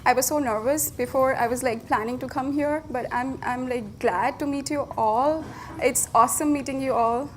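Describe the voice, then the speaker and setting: A woman from India with an Indian English accent, giving an emotional and nervous wedding toast as the bride's best friend, halting and restarting. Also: sits high, a little hiss or hum. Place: wedding reception.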